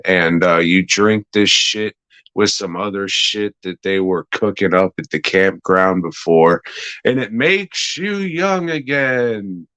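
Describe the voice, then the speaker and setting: A man's voice: low voice, slow, bright, forceful tone, dry recording, rough recording. A young man casually reviewing a TV episode, laid-back, meandering and swearing a lot. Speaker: podcast host reviewing a TV episode. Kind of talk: casual, profane review chat.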